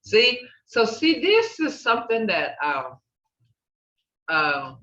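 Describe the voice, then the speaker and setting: Older woman with an Oklahoma accent, chatty teacher, bright tone, heard distant and dull over a roomy video call. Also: on the high side, wildly swooping pitch, slow. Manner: chatty, laughs often, acts out sounds. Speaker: language teacher. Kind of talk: casual class talk.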